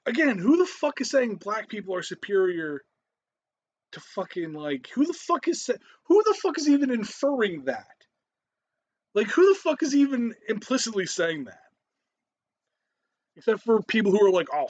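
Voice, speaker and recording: A man's voice: sits high, sing-song, normal speed, highs cut off. A man giving a profane, ranting reaction commentary, swearing heavily and cutting in with laughs.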